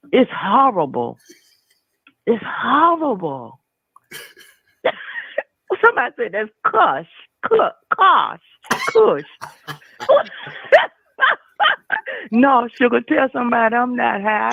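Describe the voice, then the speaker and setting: A woman's voice: on the high side, gravelly. A woman in her sixties calling in to a show, folksy and effusive, laughing often as she chats. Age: 60s. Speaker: caller. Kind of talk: casual call-in chat. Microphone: phone. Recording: tinny dry phone line.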